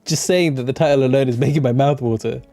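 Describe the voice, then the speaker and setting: Soft music backs this man's fast-paced let's play of a detective video game, where he keeps cracking jokes and laughing. His voice sits in the mid range.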